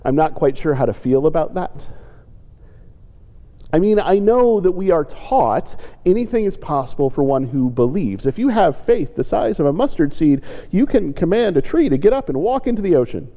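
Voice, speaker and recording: Pastor, reflective sermon, mellow dark voice, long church reverb. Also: male voice, very animated, normal speed. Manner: reflective, acts out quoted pleas with lifted pitch. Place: church sanctuary.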